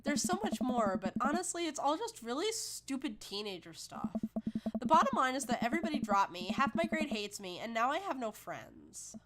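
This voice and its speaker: A wounded teenage girl, read aloud by a woman in a fairly high voice, rambling and sighing over her friends. The recording has loud background noise under it. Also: very animated, normal speed. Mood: hurt. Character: upset teenage girl, heartbroken daughter.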